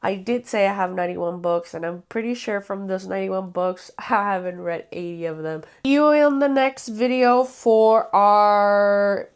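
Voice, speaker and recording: A woman's voice: mid-range voice, a little slow, hardly any pauses, clear, resonant tone. Casual book vlogger: woman, playful, chatty, swears offhand, talks to camera.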